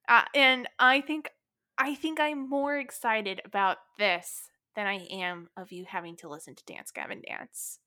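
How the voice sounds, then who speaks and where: A woman co-hosting a podcast in casual chat, animated and giggly, swearing freely and filling her talk with "like". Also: a little high, unhurried, dry recording, studio quality. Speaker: podcast co-host.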